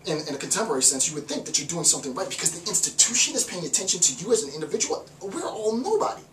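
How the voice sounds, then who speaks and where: Man, philosophy lecturer, animated, repeats himself, slightly high voice, roomy echo, distant mic, faint hiss. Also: racing. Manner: animated, repeats words, acts out little voices. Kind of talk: informal lecture.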